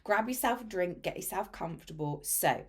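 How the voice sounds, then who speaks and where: A woman hosting a mindset podcast, telling a story in a casual monologue with dramatic hushed asides. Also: on the low side, expressive, moderate pace, breathy edge. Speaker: podcast host and mindset coach.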